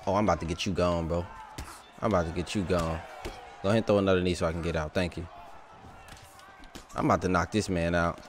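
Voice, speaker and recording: A young man giving casual, excitable commentary over his own gameplay, trash-talking and laughing at the game. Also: low-pitched, fast talker, long pauses, slight background noise. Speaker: gaming YouTuber.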